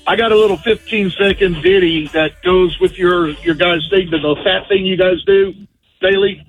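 A man's voice: sits high, normal speed, narrow, tinny audio, soft background music. A male caller singing a goofy comic jingle to a radio show. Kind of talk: sung comic ditty.

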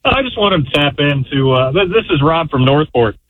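A man's voice: on the high side, lively intonation, normal speed, dry recording. A man calling in to a radio show and playfully telling a joke. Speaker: caller. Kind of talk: call-in chat. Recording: tinny phone line.

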